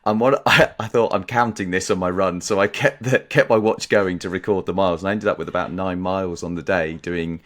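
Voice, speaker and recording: An English man with a low, deep voice chats casually as a podcast co-host. He tells anecdotes in a rambling way and laughs often. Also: steady tone, fairly quick, hardly any pauses, fairly bright tone. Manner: chatty storyteller, laughs often. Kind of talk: casual chat.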